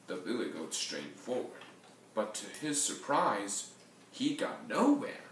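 A man reads a picture book aloud at an unhurried pace, his pitch rising and falling with the story. He sits away from the mic in an echoey room with a faint hum of ambience behind him. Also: far from the mic. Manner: slow, lively storybook delivery with sound effects. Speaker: reader.

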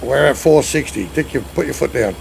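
Chatty and animated, an Australian man hosts a live game stream, reading and responding to viewer comments as he drives his truck convoy with friends. His mid-range voice is a little fast with vocal fry, and the low-quality recording has a slight hiss or hum.

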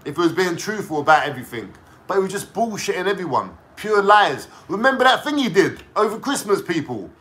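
A young man with a London accent rants straight to his viewers, mocking and dropping slang and swear words as he goes. His voice sits a little high and comes out bright, forceful and sharp. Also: sing-song, brisk. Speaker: vlogger. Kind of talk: casual ranting to camera.

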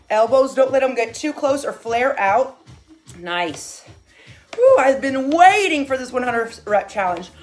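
High-voiced, whooping female fitness coach. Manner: enthusiastic, whooping motivational cheerleading. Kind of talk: live workout coaching.

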